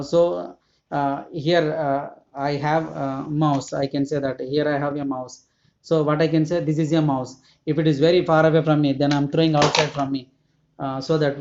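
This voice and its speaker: A man's voice: a little high, darkish tone. A male school teacher, giving a grammar lesson in a hesitant way, full of "uh" fillers and repeated word lists. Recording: dull lo-fi recording.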